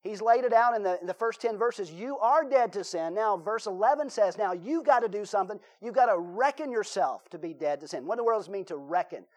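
A man with a Southern US accent preaches a sermon with anecdotes, spinning folksy stories and acting out the voices in them. His high-pitched, darkish voice is animated and brisk, with hardly any pauses.

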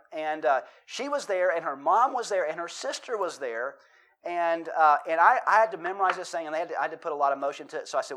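A middle-aged male pastor with a fairly high, slightly bright voice delivers a sermon. He tells self-deprecating stories and reads scripture and poetry with dramatic emphasis.

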